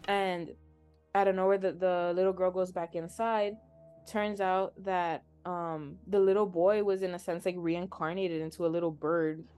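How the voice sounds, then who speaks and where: A woman's voice: fairly low pitch, flat delivery, normal speed, darkish tone, clean tone, soft background music. Young woman casually retelling a story. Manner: chatty, filler-heavy retelling. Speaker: podcast co-host.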